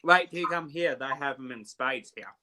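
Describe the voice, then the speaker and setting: A person teasing friends with deadpan jokes in a casual chat. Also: mid-range voice, moderate pace, noisy background.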